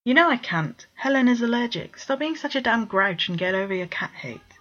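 A man's voice: very high-pitched, expressive, fairly quick, fairly bright tone, highs cut off, pitched above the performer's own voice, heavily acted. A woman voicing a stubborn, playful adult man who pleads and teases to keep some kittens. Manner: pleading, teasing.

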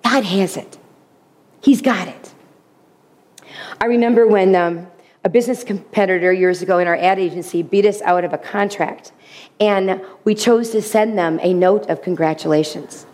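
A woman's voice: mid-range voice, normal speed, darkish tone. A middle-aged woman giving an earnest faith teaching to a group, acting out quoted speech in changing voices. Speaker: Bible teacher.

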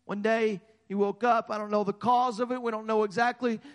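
A man's voice: sits high, level tone, a little fast. A man preaching a sermon as a story, passionate and often repeating words as he builds. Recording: long hall reverb.

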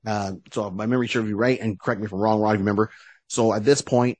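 Husky, animated male podcast co-host. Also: on the low side, quick pace, dry recording. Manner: animated storyteller who acts out short character voices. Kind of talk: casual chat, retelling a comic book story.

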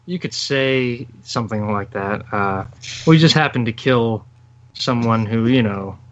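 A man's voice: mid-range voice, measured pace, lo-fi sound. A man playing a tabletop game in character as a vain, self-important hero. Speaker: player.

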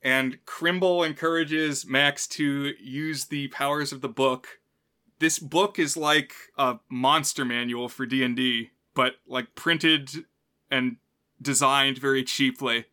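Bright-voiced man laughing through film chat. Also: medium pitch, slow, clear, resonant tone. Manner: animated, laughs often mid-sentence. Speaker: podcast co-host. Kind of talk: casual film review chat.

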